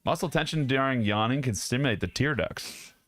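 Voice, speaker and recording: A young man hosts a stream, joking and laughing as he rambles to his viewers. His voice is bright and forward. The sound is dry and close. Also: medium pitch, brisk, no room sound. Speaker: streamer host. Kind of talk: casual chat with stream viewers. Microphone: studio mic.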